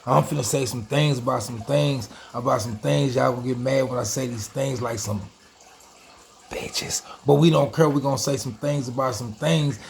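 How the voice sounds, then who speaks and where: A man hosting his own vlog, telling a story in a casual, profane and animated way. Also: a little high, gravelly. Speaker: vlogger host.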